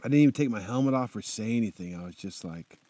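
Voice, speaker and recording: A man's voice: fairly low pitch, animated, fast talker, warm tone, dry recording. A young man casually telling a motorcycle trip story, laid-back and swearing constantly, with lots of fillers.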